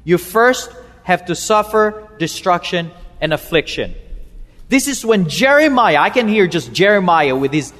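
A high-pitched man delivers a slow, unhurried sermon as pastor of a church. He stumbles into little repeats, then drops his voice low on the words that matter. The sound carries a long echo from the hall. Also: very animated, a bit bright. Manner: emphatic preaching with halting repeats, slows and drops low for key words.

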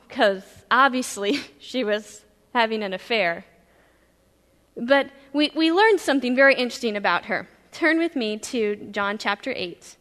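A woman pastor preaching a sermon, telling a story vividly in the first person and moving between loud and hushed passages. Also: on the high side, long reverb tail.

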